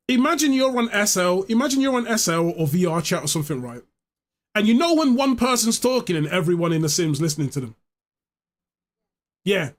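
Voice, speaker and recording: A man streaming live, chatting casually in a rambling, joking way, swearing freely. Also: high-pitched. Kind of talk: casual chat.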